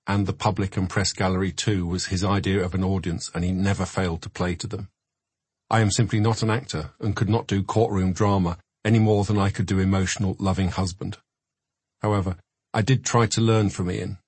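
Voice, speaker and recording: A man narrating a memoir audiobook in a measured, reflective way. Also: sits low, darkish tone, breathy edge, no room sound.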